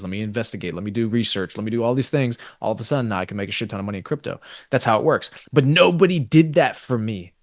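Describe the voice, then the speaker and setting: A man's voice: lowish voice, no echo, clean studio sound. A man co-hosting a live stream, giving fired-up, profane motivational business talk. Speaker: co-host.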